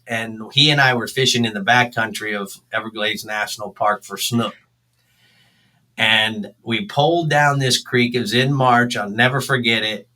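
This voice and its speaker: Captured on a distant mic in a poor-quality recording, a man from South Florida with a mid-range voice spins animated fishing tales during a relaxed interview. He hosts a fishing show, works as a charter captain, and acts out the shouting.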